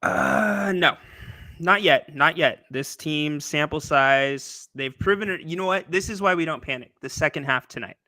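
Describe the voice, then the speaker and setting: A male co-host with a bright, forceful tone and a slightly high voice, trading easygoing banter with his partner. The sound is dry and close. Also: unhurried, no echo. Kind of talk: live-stream post-game show talk.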